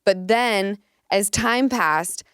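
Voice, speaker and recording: Her medium-pitched voice is smooth and extremely slow as this thirties-aged podcast host shares candid stories. She tells them in an animated, casual way, peppered with frequent "like" fillers.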